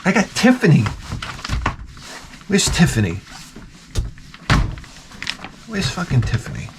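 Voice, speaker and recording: A man's voice: a little high, wildly swooping pitch, takes it slowly, heavy background noise. A man telling crude stories with a comic edge, rambling and laughing a lot, and acting out the lines of the people in them. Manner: crude, rambling, laughs often, acts out quotes. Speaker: vlogger. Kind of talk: profane comic storytelling.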